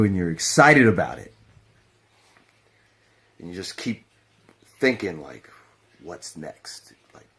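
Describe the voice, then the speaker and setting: A man with a very low, deep voice talks in a relaxed, meandering way, full of slang. He is a pro wrestler giving a casual testimonial. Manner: laid-back, rambling, slangy.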